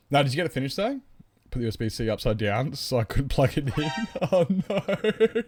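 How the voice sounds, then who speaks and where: A man's voice: mid-range voice, lively intonation, quick pace, darkish tone, soft background music. A man chatting on a live game stream, rambling, greeting viewers and joking about himself.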